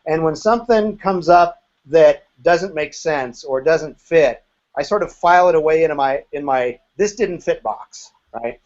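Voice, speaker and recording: Frank, high-voiced man recalling his past. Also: a little slow, a little mellow, highs cut off. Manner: frank, candid, occasionally profane. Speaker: interview guest, former group member. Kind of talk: casual interview storytelling.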